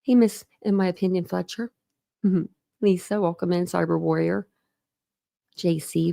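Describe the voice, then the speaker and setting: A woman hosting a livestream, chatting casually and greeting her viewers one by one, warm and grateful toward them. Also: on the low side, steady tone, moderate pace, creaky, long pauses, no room sound, clean studio sound. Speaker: livestream host. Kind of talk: casual live chat with viewers.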